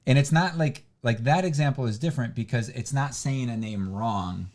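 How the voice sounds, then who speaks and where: A man's voice: medium pitch, moderate pace. A man who immigrated to the country, chatting casually on a livestream with lots of restarts and asides. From immigrant, foreign-born. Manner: rambling, animated, lots of restarts. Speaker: livestream co-host. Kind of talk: casual chat.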